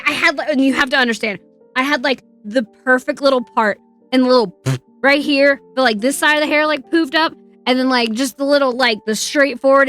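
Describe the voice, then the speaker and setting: High, bright-voiced woman rambling on stream. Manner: rambling and swears often; laughs a lot while talking. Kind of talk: casual chat. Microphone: wearing earbuds.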